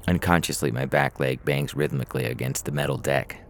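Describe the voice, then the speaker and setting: Very deep gravelly male narrator. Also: fairly even intonation, brisk, a little hiss or hum. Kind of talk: scripted story narration.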